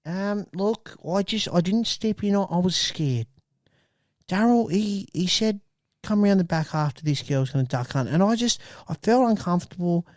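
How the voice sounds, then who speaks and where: A man's voice: high voice, lively intonation, moderate pace, a little mellow, dry recording, studio quality. A man voicing a timid ten-year-old boy who stammers out a nervous confession in a comedy sketch.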